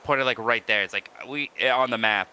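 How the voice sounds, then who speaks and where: A man's voice: medium pitch, a little fast, pushed and bright, slight background noise, rough recording. A man playing a tabletop game, talking casually and rambling with lots of fillers. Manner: rambling, full of "like". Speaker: player.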